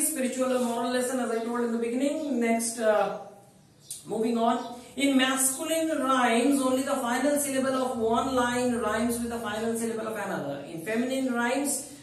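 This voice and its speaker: Teacher in an echoey room. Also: male voice, extremely high pitch, recorded from a distance. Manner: explanatory, repetitive, stressing key words. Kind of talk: line-by-line poetry lecture.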